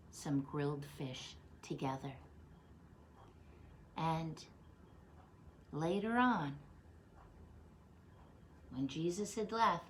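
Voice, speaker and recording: A woman teaching children, telling a Bible story in an expressive way and asking the listeners questions as she goes. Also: on the low side, a little hiss or hum.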